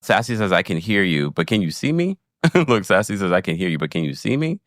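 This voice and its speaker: Lowish-voiced guy chatting on a livestream, swoops up and down a lot, dry sound. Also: a little fast, dry recording. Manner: animated, laughing, talks straight to viewers. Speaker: livestream recap host reading chat. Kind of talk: casual livestream chat.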